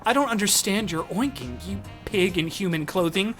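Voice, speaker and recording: A man's voice: high voice, expressive, moderate pace, a bit bright, soft background music. A man voicing a young woman in a game who plays a scolding, haughty dominatrix. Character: young woman, timid girl turned bossy dominatrix. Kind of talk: reading game dialogue aloud on a stream.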